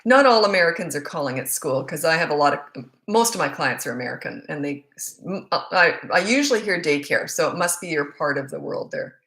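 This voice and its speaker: A woman's voice: deep voice, animated, fairly quick, vocal fry, fairly bright tone. Blunt chatty woman, roomy echo. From Australia. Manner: chatty, blunt, reads out comments and answers them directly. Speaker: parenting coach answering viewer questions. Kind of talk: casual live Q&A chat.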